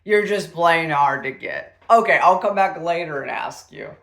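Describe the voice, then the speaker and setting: A man's voice: fairly high pitch, expressive, moderate pace, vocal fry, fairly bright tone. A man doing a pushy, smug suitor.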